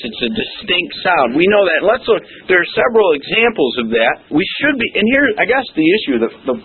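A man preaching verse by verse in a conversational way, often checking in with his listeners. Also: high voice. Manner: conversational, checks in with "okay?" and "all right?". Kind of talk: verse-by-verse sermon. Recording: tinny phone-like recording with faint hiss.

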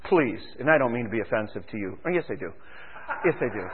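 A man's voice: medium pitch, lively intonation, fairly quick, breathy edge. A man preaching a sermon, firing off rhetorical questions and building to fervent exhortation, heard as a tinny radio broadcast.

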